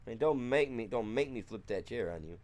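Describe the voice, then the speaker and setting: A man's voice: mid-range voice, animated, a little fast, darkish tone. A man streaming a game from his room at home, chatting casually and rambling, trailing off and restarting, with chuckles. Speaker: gaming streamer. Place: room at home with blacked-out windows.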